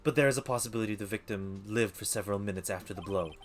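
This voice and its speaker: A man voicing a cold, smug young male prosecutor who talks low, clipped and haughty. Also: racing, natural voice.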